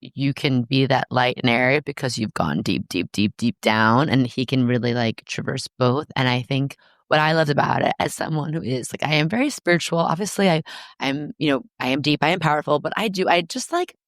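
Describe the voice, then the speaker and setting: A woman hosting a podcast, telling stories in a lively, self-deprecating, goofy way. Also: extremely low pitch, a little fast, no echo, studio quality. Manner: animated, self-deprecating storyteller. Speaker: podcast host. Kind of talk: casual chat.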